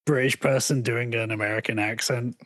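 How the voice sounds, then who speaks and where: A man's voice: medium pitch, steady tone, brisk, a bit bright, no echo. Man, podcast co-host, chatty, laughs a lot, dry close sound. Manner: chatty, laughs often, acts out quotes. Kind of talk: casual chat.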